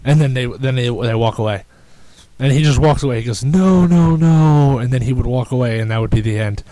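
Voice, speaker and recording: A man hosting a podcast in casual chat, rambling and excitable with frequent restarts. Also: medium pitch, fast talker, no echo, low-quality recording. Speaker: podcast host.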